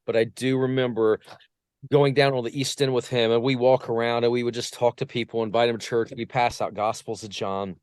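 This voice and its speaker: Clear and resonant, his mid-range voice moves a little fast in a dry, clean studio recording. He's a vocal coach from Portsmouth who guests on a podcast, trading anecdotes in a casual storytelling interview. He performs the voices of people he quotes with plenty of energy.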